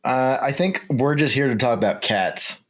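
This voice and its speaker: A man's voice: medium pitch, normal speed. A man hosting a podcast in casual chat, dry and laid-back, often answering briefly. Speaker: podcast host.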